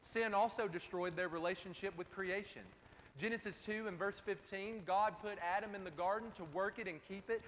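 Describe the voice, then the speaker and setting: A man's voice: sits high, moderate pace, a bit bright, a little hiss or hum. A man preaching a sermon in an emphatic way, repeating key phrases, recorded in a church sanctuary. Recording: distant, reverberant hall with faint ambience.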